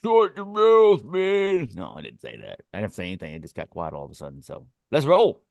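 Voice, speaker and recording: A man co-hosting an online music show, relaxed and joking. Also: very deep voice, quick pace, creaky, dry recording. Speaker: radio DJ co-host. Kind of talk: casual on-air chat.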